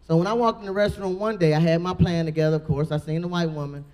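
A woman with a deep voice doing a brash, profane stand-up comedy set. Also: steady tone, quick pace, warm tone.

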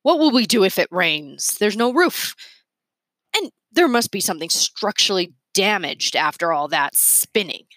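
A woman's voice: mid-range voice, big pitch swings, normal speed, fairly bright tone, dry recording. A woman reading a storybook aloud, voicing a greedy man who haggles and grumbles about price. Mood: haggling. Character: greedy fussy man, real estate buyer.

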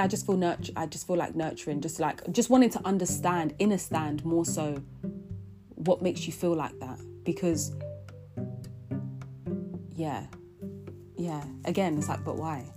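Earnest woman over guitar music. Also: lowish voice. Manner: earnest, rambling with many restarts and fillers. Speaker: vlogger. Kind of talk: reflective personal monologue.

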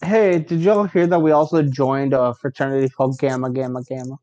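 A young man chats loosely on a podcast in an average-pitched voice, drifting between jokes and half-finished thoughts. He swears freely as he goes. The audio comes across a little dull and lo-fi. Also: fairly even intonation, brisk, mellow. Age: young adult. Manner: joking, rambling, swears freely. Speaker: podcast co-host. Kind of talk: casual podcast chat. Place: college dorm.

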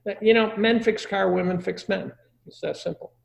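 Crude joking middle-aged man, gravelly. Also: high voice, steady tone, moderate pace. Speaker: guest giving parenting advice. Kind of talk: casual conversation.

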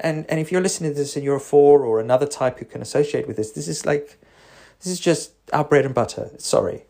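A man, a psychotherapist, talking through a rambling, self-correcting monologue with sudden animated jumps in pitch. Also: a little fast, vocal fry. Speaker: psychotherapist podcast host. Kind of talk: reflective monologue.

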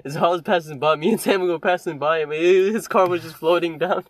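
一位男性播客搭档，随意闲聊，说话松散，爱开玩笑，粗口多。. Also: male voice, on the high side, steady tone, quick pace, no room sound. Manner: loose, profane, joking. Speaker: podcast co-host. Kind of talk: casual podcast banter.

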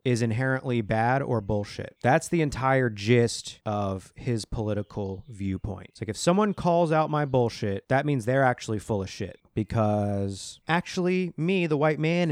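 A man's voice: medium pitch, darkish tone, clean tone, no room sound, clean studio sound. A man hosting a political commentary show, ranting in a heated, sarcastic and profane way. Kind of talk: ranting solo podcast commentary.

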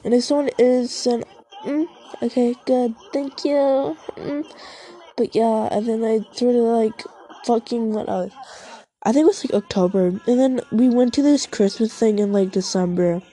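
A woman's voice: on the high side, fairly even intonation, a little slow, mellow. A young woman rambling casually to herself, swearing a lot, making self-mocking asides, and short of breath.

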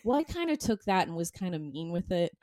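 A woman's voice: on the low side, big pitch swings, brisk, dark tone, no echo, clean studio sound. A young woman telling childhood stories in casual chat, laughing often and acting out the people she quotes.

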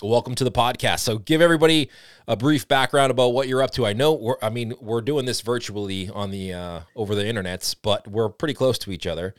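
A man with a Boston accent hosting a podcast interview, upbeat and chatty and quick to laugh, speaking into a studio condenser mic. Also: mid-range voice, dry recording. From Boston area, USA. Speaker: podcast host. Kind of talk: casual interview chat.

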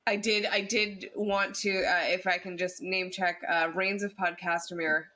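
Male podcast regular, bright tone, stumbling restarts, relaxed chat. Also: high-pitched. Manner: halting, repeats words while gathering thoughts. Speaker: podcast co-host. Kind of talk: casual chat.

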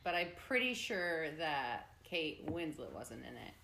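A young woman with a fairly low voice chats casually as a podcast co-host, giggling and poking fun at herself. She sounds like she is in an echoey room, with a clear hiss and some clicks behind her. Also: sing-song, measured pace. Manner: giggly, self-deprecating. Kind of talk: casual chat.

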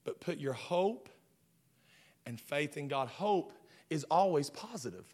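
High-voiced fervent man preaching. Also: animated. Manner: fervent preaching, swings from shouting to hushed; repeats words in quick restarts. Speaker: pastor. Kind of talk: sermon.

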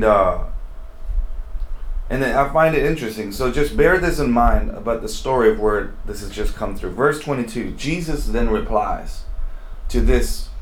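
A man giving a conversational, earnest devotional sermon and talking to his listeners with frequent asides. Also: fairly low pitch. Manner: conversational, earnest, many asides like "you know". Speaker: preacher. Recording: roomy echo.

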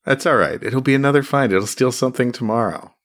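A man's voice: mid-range voice, quick pace, a bit bright. A man in casual podcast chat, teasing dryly and laughing often.

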